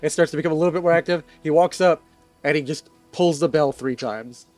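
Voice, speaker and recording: A man's voice: on the high side, brisk, darkish tone, dry recording, soft background music. A man narrating a tabletop game as game master, in a loose, rambling way with many fillers.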